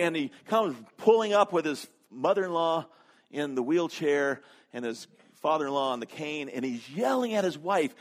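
A man's voice: a little high, expressive, moderate pace. A man preaching a sermon, telling a story conversationally, with humor and frequent fillers. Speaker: pastor.

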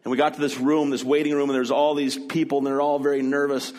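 A man's voice: mid-range voice, level tone, fast, a little mellow. A middle-aged man preaching, telling a personal story in an earnest, conversational way before moving into scripture. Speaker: pastor.

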